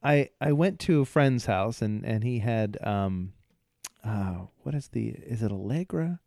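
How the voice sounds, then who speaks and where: A man co-hosts a relaxed podcast, telling funny stories in a voice that swoops up and down, laughing often and acting out his own yelling. The sound is dry and close, with no room behind him. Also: lowish voice, measured pace, gravelly, no room sound. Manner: animated storyteller, laughs often, acts out yelling at devices. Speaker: podcast co-host. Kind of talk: casual chat.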